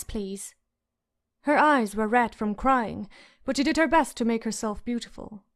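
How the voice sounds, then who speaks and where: A woman narrating a fantasy audiobook in a measured storytelling manner. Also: fairly high pitch.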